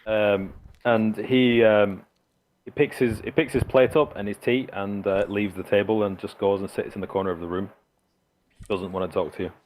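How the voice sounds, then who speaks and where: A man narrating as game master in a tabletop game, halting, with many restarts. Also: lowish voice, steady tone, a little mellow, a little hiss or hum, poor audio. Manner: halting, full of fillers and restarts.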